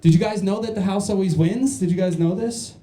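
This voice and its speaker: A man's voice: high voice, fairly quick, dark tone, roomy sound. Crude self-mocking man doing stand-up. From New Jersey. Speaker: stand-up comedian. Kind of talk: stand-up set. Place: comedy club stage.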